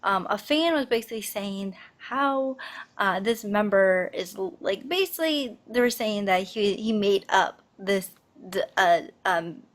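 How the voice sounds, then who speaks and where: A woman's voice: medium pitch, expressive, measured pace. A woman co-hosting a casual pop news chat, talking in a rambling way with many fillers and restarts.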